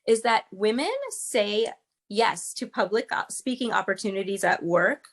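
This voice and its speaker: A woman's voice: mid-range voice, a little slow. A woman speaking as a guest, a public speaking coach explaining with emphatic, teacherly energy. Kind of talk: interview guest.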